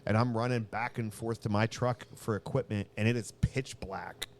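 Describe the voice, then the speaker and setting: Rambling storyteller man, low voice. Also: steady tone, moderate pace, a little hiss or hum. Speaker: podcast co-host. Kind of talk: casual chat.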